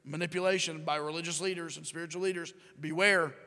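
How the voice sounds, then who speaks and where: A man preaching a sermon, acting out voices, swinging from loud bursts to hushed drops. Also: a little high, fast, long reverb tail. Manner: animated, acts out crowd and Pilate, rising and dropping to near whisper. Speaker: pastor.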